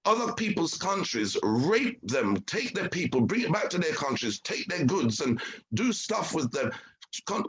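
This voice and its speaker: Emphatic, preachy male host; fairly high, husky voice, heavy on rhetorical questions. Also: fairly bright tone, poor audio. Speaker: show host, guest speaker. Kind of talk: impassioned talk on identity and culture.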